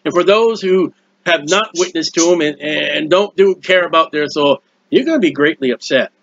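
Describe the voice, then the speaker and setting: A man's voice: a little high, moderate pace, vocal fry, no room sound, dull audio. Earnest rambling man preaching. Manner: earnest, rambling, with restarts and quiet asides. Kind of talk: sermon. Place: at home, birds heard nearby.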